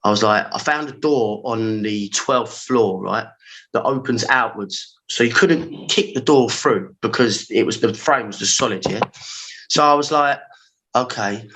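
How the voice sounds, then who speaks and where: Man in his forties, london accent, bright forceful voice, slangy and lively storytelling, acts out his reactions. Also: mid-range voice, measured pace, low-quality recording. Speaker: podcast guest, former pirate radio engineer. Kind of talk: storytelling in casual chat.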